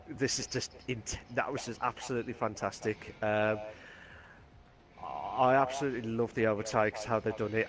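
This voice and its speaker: A man talks through a sim race on a live stream. He rambles and restarts his sentences, enthusiastic about the racing, speaking into a headset mic. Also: fairly low pitch. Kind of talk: casual live stream commentary.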